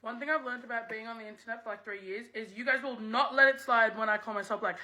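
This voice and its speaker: A woman's voice: fairly high pitch, fast talker, sharp tone. A woman from Melanesia talking bluntly to camera and answering her commenters. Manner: blunt, direct, talks back to commenters. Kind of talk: casual talk to camera.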